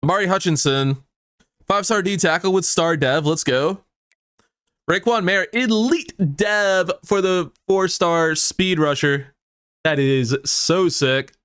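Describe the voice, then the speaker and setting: A man commenting on his own football video game dynasty, excitable and swearing often as his mood swings between hype and outrage. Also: on the high side, normal speed, clean tone, no room sound, studio quality. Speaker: gaming YouTuber. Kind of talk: let's play commentary.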